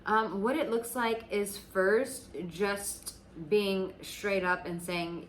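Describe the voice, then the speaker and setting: A woman's voice: medium pitch, fairly even intonation, slow pace, few pauses, a little hiss or hum, poor audio. A woman from the United States, a dating coach, talking casually and emphatically to her audience, swearing freely and filling her speech with "like.". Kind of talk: casual talk to camera.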